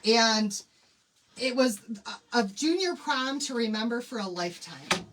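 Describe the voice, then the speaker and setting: A woman's voice: on the high side, animated, a little slow, fairly bright tone. A middle-aged woman, hosting a crafting livestream and telling a personal story in an emotional, chatty way. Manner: emotional, chatty, addresses viewers as y'all. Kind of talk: chatty live tutorial with storytelling. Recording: faint background noise.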